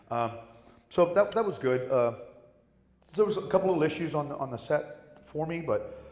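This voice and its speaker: A man's voice: on the high side, normal speed, pauses often. A middle-aged man telling rambling, profane stories as a guest on a convention panel. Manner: rambling, profane, animated storytelling with whoops. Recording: echoey hall with long reverb.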